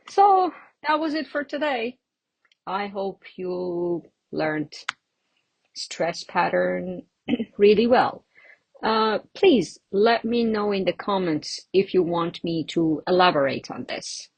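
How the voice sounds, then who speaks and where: Slow, husky woman teaching English. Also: mid-range voice, expressive, dry recording. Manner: slow, patient, explains with examples and pauses. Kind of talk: English pronunciation lesson.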